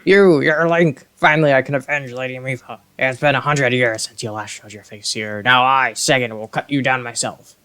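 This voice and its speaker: A man's voice: medium pitch, fairly even intonation, a little fast, hardly any pauses, pushed and bright, clean tone, natural voice. A man voicing a hot-headed, vengeful young male fish-folk guard in a video game, speaking in an accusing way. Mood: indignant. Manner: accusing, indignant.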